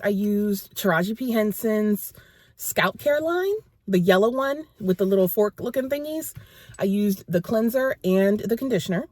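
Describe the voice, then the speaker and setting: A woman's voice: medium pitch, darkish tone. A woman vlogging in a casual, chatty way, laughing often and talking while she eats. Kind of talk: casual vlog chat.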